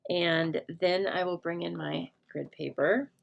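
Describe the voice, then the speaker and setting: A woman's voice: fairly low pitch, fairly even intonation, a little slow, creaky, highs cut off. A middle-aged woman demonstrating a stamping craft, chatting and thinking aloud as she works, joking with her viewers. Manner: chatty, jokey, thinking aloud while working. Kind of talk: live crafting tutorial chat.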